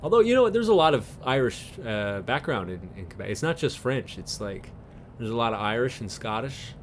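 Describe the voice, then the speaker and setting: A man's voice: mid-range voice, very animated, brisk, slight background noise. A man from Newfoundland hosting a live stream, chatting casually with viewers in a rambling way and chuckling often between thoughts. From Newfoundland, Canada.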